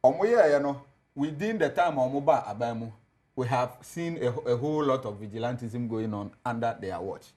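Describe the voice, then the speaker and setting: A man with a Ghanaian accent argues his side on a televised political panel. He pushes back hard and laughs off the claims of the other side, with a voice of middling pitch. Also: expressive, normal speed, a little mellow. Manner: combative, laughs at opponents' claims. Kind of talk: political debate on TV, mixing Twi and English.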